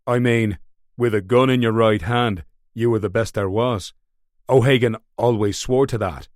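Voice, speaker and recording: A man voicing a smug, callous older gangster boss who speaks slowly and sneeringly. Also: mid-range voice, no room sound, clean studio sound, close to an everyday voice.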